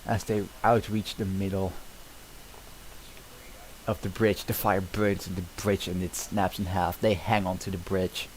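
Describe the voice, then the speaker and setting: A low-voiced man reading a film script aloud on stream, tripping over words and restarting often. The delivery is casual and unpolished, with a faint hiss in the background. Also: flat delivery, measured pace, poor audio.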